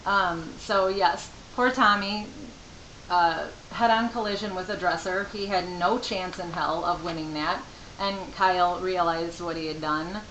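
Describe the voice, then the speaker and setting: Chatty middle-aged mother with a bright voice. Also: lowish voice, fairly even intonation, unhurried, dull audio. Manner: rambling, chatty, with fillers and asides. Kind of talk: casual storytelling to camera. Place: home room. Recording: echoey room with faint hiss.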